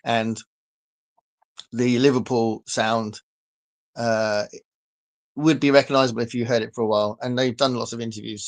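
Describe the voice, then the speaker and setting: Chatty man with a southern English accent. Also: medium pitch. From southern England. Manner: chatty, rambling, answers viewer comments, laughs often. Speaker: livestream host reading comments. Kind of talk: casual chat.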